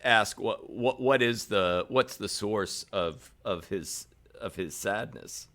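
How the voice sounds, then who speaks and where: Deep-voiced, hesitant male player. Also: slow, a bit bright. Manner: hesitant, stammering.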